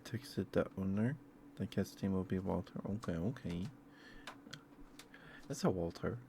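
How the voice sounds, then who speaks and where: A sleepy, yawning man streaming ASMR, chatting gently and affectionately with his viewers in a soft-spoken way. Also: sits low, measured pace, gravelly, a little hiss or hum.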